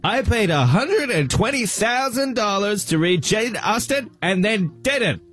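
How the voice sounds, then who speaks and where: A man's voice: lively intonation, measured pace, fairly bright tone, faint music behind, full character voice. A man doing a whiny boyish comedian. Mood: indignant. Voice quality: high, whiny.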